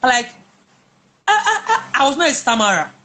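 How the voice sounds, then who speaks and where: A woman, a guest in a conversation, tells her personal story emphatically, often repeating words and starting over. Her high voice is very animated, pushed and bright, at a normal speed, with slight background noise.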